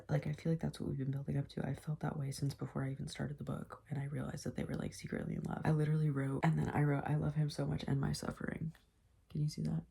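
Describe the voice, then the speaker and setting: Young woman yapping about a book at home, low gravelly husky voice, tons of likes. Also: mellow. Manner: gushing, rambling, full of filler likes. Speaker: booktuber. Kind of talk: casual reading vlog chat.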